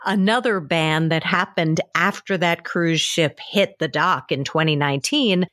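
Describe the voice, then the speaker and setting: A woman hosting a travel talk show, telling stories in an animated, expressive way in casual chat. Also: a little slow, no echo, clean studio sound. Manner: animated, expressive storytelling with big swings in pitch. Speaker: radio travel show host.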